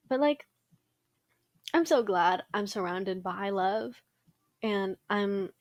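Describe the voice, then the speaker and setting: A woman's voice: medium pitch, no echo. A young woman hosting a casual talk podcast, rambling and sentimental, with lots of fillers and casual swearing. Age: young adult. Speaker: podcast host. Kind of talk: casual chat.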